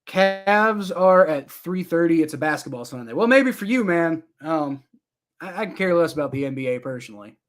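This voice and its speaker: A man's voice: a little high, lively intonation, moderate pace. Chatty man doing live game reaction. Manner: rambling, chatty, talks back to viewer comments. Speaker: live-stream sports reaction host. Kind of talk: casual live play-by-play and chat reaction.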